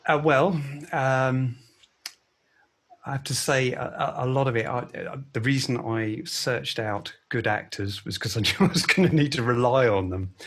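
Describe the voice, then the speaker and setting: A man's voice: mid-range voice, normal speed. A man, a film director, answering interview questions hesitantly. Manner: hesitant, with many fillers and restarts.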